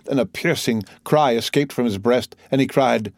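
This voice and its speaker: A man narrating a classic novel aloud in a measured, dramatic reading. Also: mid-range voice, a little mellow, no room sound, studio quality. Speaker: audiobook narrator.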